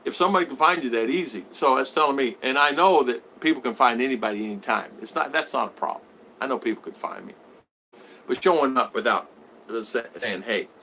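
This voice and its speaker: A man's voice: fairly quick, slight background noise. A man chatting on a live stream, answering viewers and acting out conversations as he rambles. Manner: animated, acts out both sides of conversations in a higher voice. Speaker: vlogger answering live chat.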